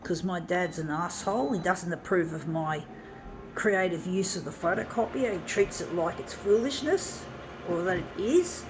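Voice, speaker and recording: A woman talking to camera in a casual monologue, blunt and swearing freely, with halting restarts. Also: fairly low pitch, noisy background. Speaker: vlogger.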